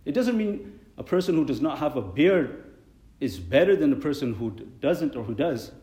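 Earnest imam preaching in a mosque. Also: male voice, on the high side, normal speed, roomy sound. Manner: earnest, animated storytelling with Arabic phrases. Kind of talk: sermon.

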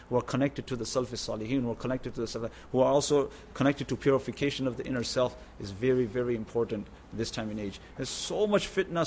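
A man's voice: mid-range voice, a little mellow, a little hiss or hum. A man giving an informal sermon to a religious gathering, repeating his points and often checking that listeners understand. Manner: repetitive, keeps asking "understand?". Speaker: religious teacher.

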